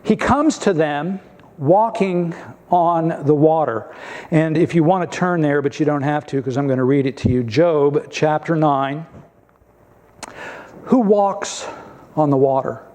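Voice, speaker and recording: A man's voice: fairly high pitch, measured pace, darkish tone. A male pastor preaching a sermon in a conversational, emphatic way, asking many rhetorical questions.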